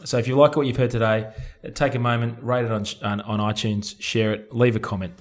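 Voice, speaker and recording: A man's voice: mid-range voice, fairly even intonation, a little fast, faint music behind. Co-host, man, mid-range voice, chatty and joking, runs the outro plugs. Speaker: podcast co-host. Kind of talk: casual podcast hosting.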